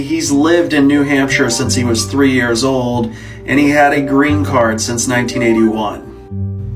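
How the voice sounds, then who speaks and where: A man reading scripted news-style narration in a measured, matter-of-fact way. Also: mid-range voice. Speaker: channel narrator. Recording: distant mic with guitar music bed.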